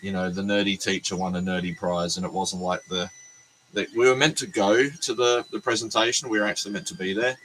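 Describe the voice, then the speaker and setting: An Australian man, a teacher, chatting casually on a livestream from his workbench, hoarse and sick with a cold, rambling and self-deprecating. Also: sits low, steady tone, a little fast, a bit bright, slight background noise, poor audio.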